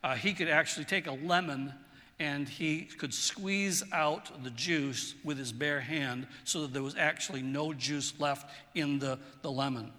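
A man preaching a sermon in a large church hall, telling stories in a relaxed, chatty way and often repeating words. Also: a little high, unhurried. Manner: conversational, storytelling, repeats words. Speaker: pastor. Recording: long hall reverb.

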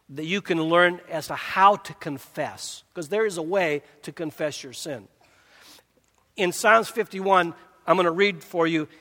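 A middle-aged male pastor preaches in an earnest, conversational way, stumbling over words and asking his listeners questions. His voice sits a little high for a man. A long reverb from a large hall trails behind him. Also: a bit bright. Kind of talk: sermon.

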